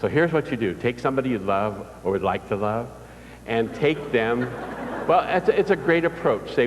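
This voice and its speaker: A man's voice: medium pitch, lively intonation, normal speed, dull audio, a little hiss or hum. An older man giving a live motivational speech, telling folksy stories and asking the audience questions. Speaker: motivational speaker. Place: large hall before an audience. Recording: distant reverberant hall recording.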